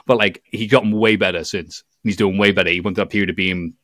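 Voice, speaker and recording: A podcast guest who makes videos tells stories in a casual chat, acting out quotes and breaking into bursts of laughter. His voice is low-pitched and he talks fast, recorded dry at studio quality with animated, voiced-quote storytelling.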